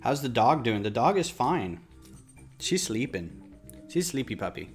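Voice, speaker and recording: A man's voice: mid-range voice, very animated, normal speed, faint music behind. A man chatting casually on a livestream while he builds, rambling and self-deprecating. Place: home office.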